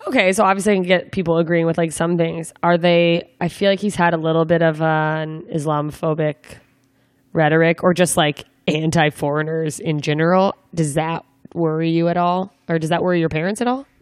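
A young woman hosts a loose interview, asking rambling questions and tossing in jokes as she goes. Her voice sits a little low for a woman, and the dry recording carries no room echo. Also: fairly even intonation, fairly quick. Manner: chatty, rambling, joking questions with fillers. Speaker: interviewer, comedian. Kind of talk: casual interview chat.

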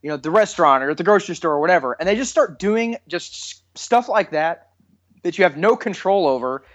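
A male podcast host with a high voice that swoops up and down a lot. He is jokey and expressive and riffs on what he hears with playful comparisons. The chat is casual and loose. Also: a little fast, lo-fi sound.

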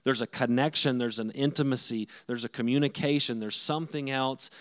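A man's voice: mid-range voice, a little fast, fairly bright tone. A middle-aged man, a pastor, giving a conversational sermon-style talk on marriage to the men, with frequent restarts.

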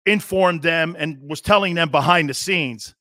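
A man's voice: on the high side, moderate pace, no room sound, clean studio sound. A middle-aged man hosting a sports radio show, brash and mocking as he rants in an opinionated monologue. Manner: brash, mocking, animated, puts on jeering voices.

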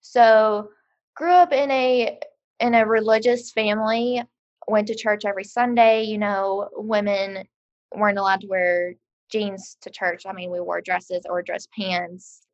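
A woman with a Southern accent, a podcast guest, talking in a relaxed way about growing up. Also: medium pitch, unhurried, lo-fi sound. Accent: Southern American. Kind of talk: casual conversation.

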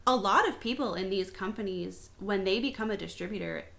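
A woman with a Canadian accent talks through a topic as a podcast guest. Her voice is bright and forward. She explains at length in a measured way, pausing on fillers and restarting phrases. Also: mid-range voice, gravelly.

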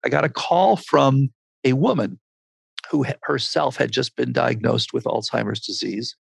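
Older male researcher, gravelly, dry close sound, animated storyteller voicing quotes. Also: mid-range voice, normal speed, no room sound. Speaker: medical researcher guest. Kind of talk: storytelling interview answer.

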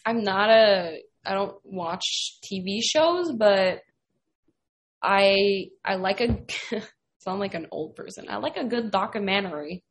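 A woman's voice: medium pitch, expressive, takes it slowly. A woman athlete guesting on a podcast, chatting casually and modestly with frequent laughter. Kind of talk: casual interview chat.

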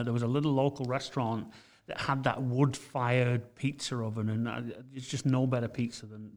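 A man in casual podcast conversation, wandering through anecdotes with plenty of "uh"s and restarts. His voice sits at an ordinary pitch for a man. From United Kingdom. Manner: rambling storyteller, many restarts and fillers. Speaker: podcast co-host. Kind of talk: casual chat.

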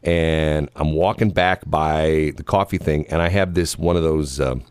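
A man hosting a radio show, telling a story in casual on-air chat, animated and laughing often. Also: rumbling low, a little slow, clear, resonant tone, no echo. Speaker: radio host.

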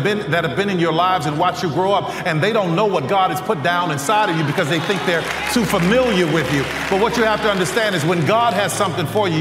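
Impassioned man preaching in an echoey hall. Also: a little high. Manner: impassioned, repeats phrases for emphasis. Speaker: motivational speaker. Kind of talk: motivational speech. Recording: echoey hall with live audience and music.

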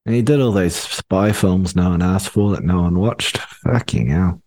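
A man's voice: low voice, normal speed, darkish tone. A man co-hosting a casual film review chat, blunt and sweary. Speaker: podcast co-host.

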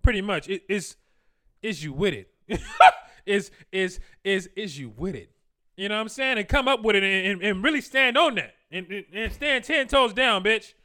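A man's voice: high-pitched, normal speed, pushed and bright. A man giving crude, boastful dating advice in a casual monologue, full of slang and laughter, acting out his own conversations. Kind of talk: casual monologue with acted-out dialogue.

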